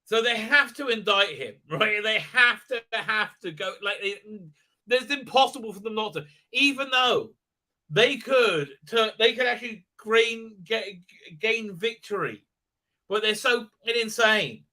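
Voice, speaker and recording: A man's voice: high voice, expressive, a little slow, pushed and bright. A man hosting his live stream, rambling and stammering through crude jokes and mocking voices in casual chat. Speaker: livestream host.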